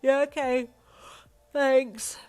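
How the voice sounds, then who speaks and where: A woman voicing a casual, slang-using young woman who talks in a relaxed, offhand way. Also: medium pitch, moderate pace, close to an everyday voice.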